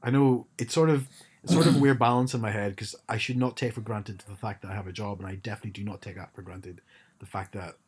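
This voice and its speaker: A man's voice: on the low side, steady tone, quick pace, a little mellow, slightly rough. A man co-hosting a casual chat podcast, talking hesitantly and often repeating words as he starts sentences. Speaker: podcast co-host.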